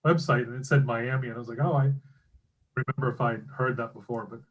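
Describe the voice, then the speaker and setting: A man's voice: medium pitch, fairly even intonation, quick pace, slightly rough, dull audio. A man hosting a casual chat, rambling through stories with lots of fillers. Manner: rambling, many fillers and trailing phrases. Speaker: host.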